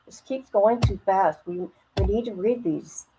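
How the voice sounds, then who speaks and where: Reaction streamer, female, mid pitch, sarcastic and blunt, swears freely. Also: measured pace, background noise. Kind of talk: reaction commentary over a video.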